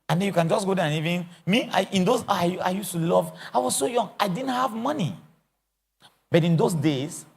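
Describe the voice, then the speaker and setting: Brief: middle-aged man, apostle preaching, high-set husky voice, acts out scenes. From Africa. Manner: animated, theatrical, acts out scenes and jokes. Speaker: apostle teaching a church session. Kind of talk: lively teaching sermon.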